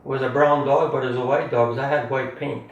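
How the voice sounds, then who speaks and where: A man's voice: mid-range voice, little pitch movement, a little fast, highs cut off. An older man reminisces in a rambling, chuckling way, often tagging his sentences with "eh?". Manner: rambling, chuckling, ends phrases with "eh?". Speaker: family storyteller. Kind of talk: casual reminiscing. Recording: roomy, distant mic, faint room noise.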